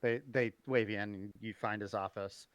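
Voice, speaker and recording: A man's voice: lowish voice, fairly even intonation, moderate pace, dry recording. A man running a tabletop game as game master, laughing often and stumbling over restarts.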